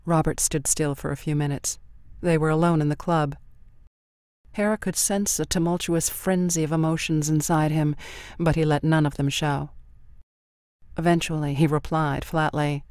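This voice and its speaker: A man reading the narration of a novel in an even, steady storytelling way. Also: on the high side, moderate pace, smooth, dry recording, studio quality. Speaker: audiobook narrator. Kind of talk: scripted narration.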